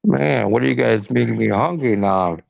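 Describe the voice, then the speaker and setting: A man in casual chat on a video call, giving slow, easygoing replies. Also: medium pitch, vocal fry, no room sound. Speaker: meeting participant. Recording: dull lo-fi call audio.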